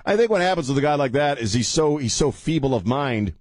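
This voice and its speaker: A man's voice: medium pitch, lively intonation, fairly quick, darkish tone, no echo. A man hosting a talk radio show, ranting with heavy sarcasm into a studio microphone.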